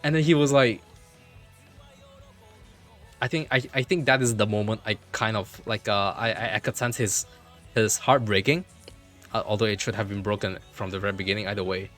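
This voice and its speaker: A man livestreaming from his computer, telling a story in an animated way, repeating himself and swearing freely. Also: fairly low pitch, moderate pace, pauses often, faint music behind.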